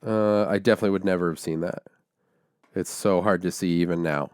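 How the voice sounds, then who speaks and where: A man's voice: sits low, steady tone, brisk, clear, resonant tone, dry recording, studio quality. A man hosting a podcast in casual chat, giggly and teasing, repeating running jokes. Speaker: podcast host.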